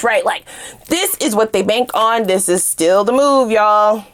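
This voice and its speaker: A woman giving a casual tarot reading to her viewers in an animated, sassy way, swearing freely and laughing while she rants. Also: mid-range voice, measured pace. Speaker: tarot reader.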